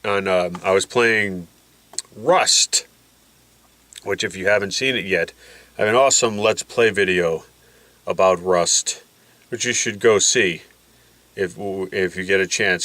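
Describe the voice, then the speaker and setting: A man's voice: lowish voice, fairly even intonation, measured pace, fairly bright tone, dry recording. A man vlogging casually with a congested voice from nasal packing, medicated and a little woozy, rambling and complaining with self-mocking humor. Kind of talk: casual rambling vlog to camera.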